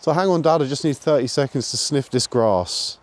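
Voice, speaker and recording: A man's voice: mid-range voice, moderate pace, pitched above the performer's own voice, close to an everyday voice. A man voicing a cheeky young dog. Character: playful young male dog, eager sniffer.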